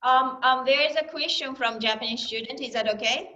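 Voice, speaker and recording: A woman from Africa speaks loudly in a bright, fairly high voice. She relays a student's question and restarts her sentences often. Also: a little fast, dull audio, slight background noise. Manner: loud, talkative, stumbling restarts.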